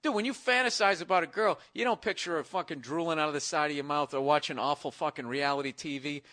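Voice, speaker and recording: A man co-hosting a podcast, telling stories in a casual, animated, profane way. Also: fairly high pitch, quick pace, no room sound, clean studio sound. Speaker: podcast co-host. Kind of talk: casual chat.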